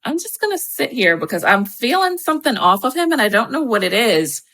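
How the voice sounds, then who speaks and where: A woman's voice: on the high side, very animated, fairly quick, a bit bright. A woman guest on a podcast, talking in a casual, effusive way and laughing often. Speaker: podcast guest, wedding professional and speaker.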